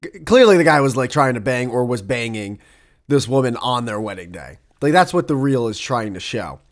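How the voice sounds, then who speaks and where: Alone on his own podcast, a young man talks casually in a rambling, profane monologue that keeps veering into asides. His mid-range voice swings widely in pitch at a normal speed.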